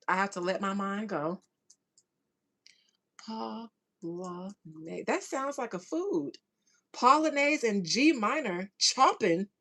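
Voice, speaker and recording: A woman hosting a podcast in a casual chat with listeners, laughing a lot and swinging between hushed asides and loud outbursts. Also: medium pitch. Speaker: podcast host.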